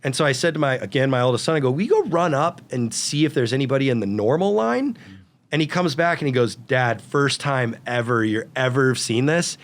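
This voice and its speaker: Brief: man in his forties, guest storyteller, animated delivery, mid-range pitch. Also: brisk. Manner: animated, tells anecdotes with quoted dialogue. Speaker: guest, real estate brokerage founder. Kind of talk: storytelling in a casual interview.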